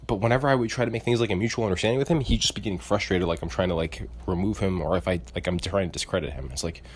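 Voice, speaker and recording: A man with a very low, deep voice talks through a long, casual rant on his podcast. He rambles, repeats "like" constantly and swears freely as he complains. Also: rapid-fire, husky. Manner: rambling and profane, heavy use of filler "like". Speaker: podcast co-host. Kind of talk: casual venting monologue.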